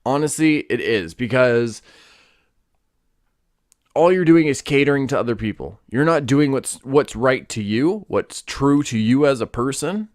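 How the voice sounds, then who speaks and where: A man hosting a solo podcast, ranting in a casual, profane and animated way. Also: medium pitch, measured pace, no echo, clean studio sound. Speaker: podcast host.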